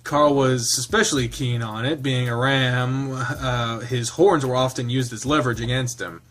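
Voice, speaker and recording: A man reads a visual novel aloud for his channel, rambling into side stories with plenty of filler words. His voice sits at an ordinary middle pitch, loose and conversational. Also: steady tone, normal speed, a bit bright. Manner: chatty, laughing, rambling with fillers. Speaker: let's player.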